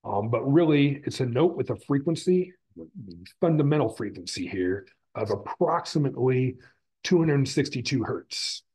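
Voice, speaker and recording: A man's voice: mid-range voice, lively intonation, normal speed, darkish tone, husky, low-quality recording. A man lecturing on the physics of sound, explaining step by step and restating terms as he goes. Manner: explanatory, repeats and rephrases terms. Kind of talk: recorded classroom lecture.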